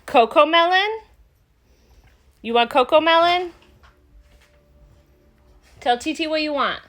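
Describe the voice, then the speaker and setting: Lady vlogging at home, high bright voice, slow sing-song baby talk to a toddler. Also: expressive. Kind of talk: casual home vlog. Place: home indoors.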